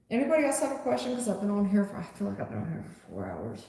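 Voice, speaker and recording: Gravelly-voiced woman tarot reader, echoey. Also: medium pitch, big pitch swings, quick pace, hardly any pauses, a little mellow. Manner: blunt, chatty, talks straight to the chat. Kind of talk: live-stream chat with viewers. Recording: echoey room with long reverb.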